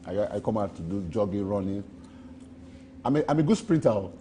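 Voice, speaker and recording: A man's voice: lowish voice, expressive, moderate pace, warm tone, slight background noise. A Nigerian man in a street interview, rambling playfully and boasting, repeating his phrases.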